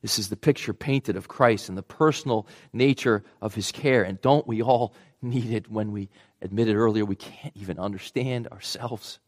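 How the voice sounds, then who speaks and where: A man preaching a sermon in an earnest way, often restarting words and dropping to a soft hush at tender points. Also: lowish voice, normal speed. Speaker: pastor.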